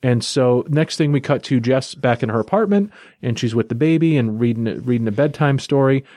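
A man's voice: mid-range voice, a little fast, warm tone, a little hiss or hum. Chatty man recapping with enthusiasm. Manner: enthusiastic, chatty, loose storytelling. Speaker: comic book reviewer. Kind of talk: casual spoken recap and review.

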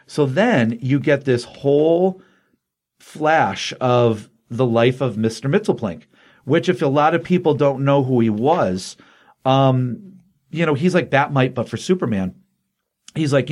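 A middle-aged man, hosting an informal talk, retells a comic book story with excitement, drifting around and using plenty of fillers. Pitch is medium; speed is normal.

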